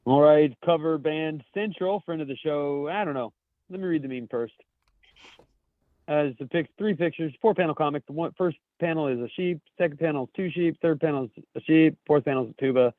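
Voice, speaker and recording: On a podcast, a male co-host with a slightly high voice and a somewhat fast delivery reads memes in easygoing chat, swears, and laughs at his own jokes. Heard over a call, the audio is tinny and dry without echo.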